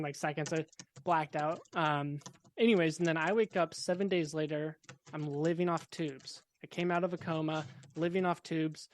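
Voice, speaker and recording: A young man, a podcast guest, telling a personal story in a relaxed, casual way with wry, deadpan dark humor. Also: fairly high pitch, a little hiss or hum.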